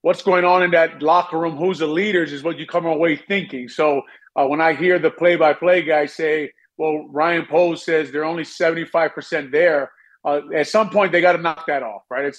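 A former football player working as a radio analyst, delivering blunt critique in a measured way. His voice is a bit high for a man, and he fills pauses with "uh". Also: steady tone.

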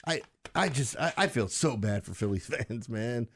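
Lively male sports talk co-host. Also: mid-range voice, moderate pace. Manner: lively, mocking impressions.

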